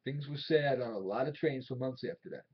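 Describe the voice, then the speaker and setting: An actor playing an aging, desperate traveling salesman in his sixties, pleading with his boss and swinging between quiet memories and angry outbursts. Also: mid-range voice, fairly quick, slightly rough, close to an everyday voice. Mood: wistful. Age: 60s. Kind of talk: film drama acting. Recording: dull old film soundtrack.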